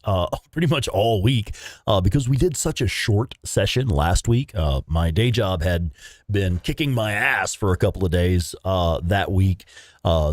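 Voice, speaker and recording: A man's voice: mid-range voice, a little mellow, no echo, studio quality. A young man, chatting casually with viewers while livestreaming a game and swearing now and then. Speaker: livestream gamer.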